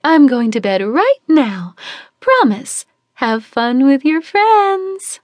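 A woman voicing a dreamy, eccentric middle-aged mother who sees visions, speaking in a breathy, airy whisper. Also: sits high, big pitch swings, slow pace, dry recording, pitched above the performer's own voice, heavily acted. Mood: airy cheerful.

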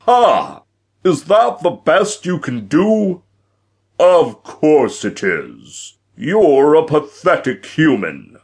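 A male narrator voices a towering giant who booms his taunts, raised and loud above the narration. He mocks and scorns his foe in an audiobook scene. The delivery is slow and weighty. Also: sing-song, slightly rough, heavily acted. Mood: mocking. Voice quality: booming. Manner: mocking, taunting. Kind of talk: audiobook character voice.

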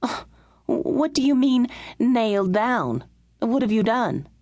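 A woman narrator voicing a proud, quick-tempered woman detective who answers sharply and indignantly. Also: mid-range voice, big pitch swings, a little mellow, dry recording, clean studio sound, voice pushed up. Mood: exasperated.

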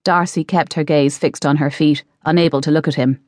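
A woman reading a novel aloud as audiobook narrator, in measured scripted narration. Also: sits low, steady tone, darkish tone, no room sound, studio quality. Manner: measured storytelling.

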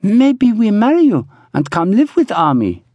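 A man's voice: sits high, huge pitch swings, measured pace, a little mellow, dry recording, highs cut off, voice pushed up, heavily acted. A man putting on a sulky, petulant young woman. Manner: broken English, pouting and petulant. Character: young Hong Kong woman, sulky, childlike.

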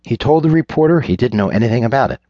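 A man's voice: medium pitch, lively intonation, fast, warm tone, no echo, natural voice. A man voicing a furious wealthy father who blusters and swears at his daughter. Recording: dull lo-fi recording.

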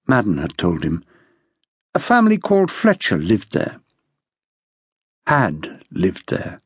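A man reading an unabridged mystery novel as audiobook narrator in a measured, expressive manner. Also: fairly high pitch, dry recording, clean studio sound. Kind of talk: scripted narration.

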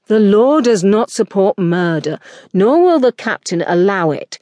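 A woman doing a calm, commanding young man. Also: mid-range voice, no echo, natural voice. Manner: slow, controlled, firm.

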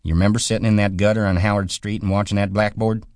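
A man voicing a small, irritable, weary ranch hand who talks gruffly and swears in exasperation, in an audiobook. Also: fairly low pitch, level tone, fast, darkish tone, no room sound, clean studio sound, voice pushed up, close to an everyday voice. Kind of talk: audiobook character voice.

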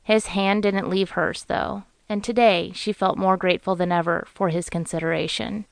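A woman narrating a romance audiobook in a measured, even storytelling manner on a close studio mic. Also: medium pitch, gravelly, dry recording. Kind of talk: scripted narration.

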